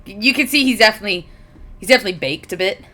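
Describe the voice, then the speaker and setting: A woman's voice: mid-range voice, lively intonation, rapid-fire, sharp tone. A woman running a tabletop role-playing game who narrates casually, laughs often and swears freely. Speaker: game master.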